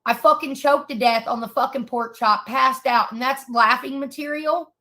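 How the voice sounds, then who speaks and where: A woman tears into someone in a heated, expletive-filled rant. Her voice sits high and rings bright and sharp. She sounds fed up and furious throughout. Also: steady tone, normal speed. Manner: furious, profane ranting. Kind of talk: angry rant.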